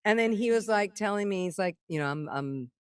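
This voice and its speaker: Middle-aged woman, songwriter guest; lively, swearing raconteur, dry close sound, mid pitch. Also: fast, clear, resonant tone, no room sound. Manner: animated, swears freely, acts out other people's lines. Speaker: songwriter and producer, keynote guest. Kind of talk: casual conversational storytelling.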